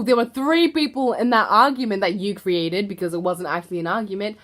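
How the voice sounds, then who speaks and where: A woman's voice: medium pitch, a little fast, hardly any pauses. A young woman YouTuber gossiping casually to camera, chatty and filler-heavy, with exasperated asides.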